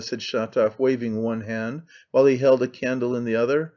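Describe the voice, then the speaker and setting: A man narrating an audiobook in a steady, plain reading voice. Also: medium pitch, normal speed, few pauses. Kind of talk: audiobook narration of a classic novel. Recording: slightly dull lo-fi sound.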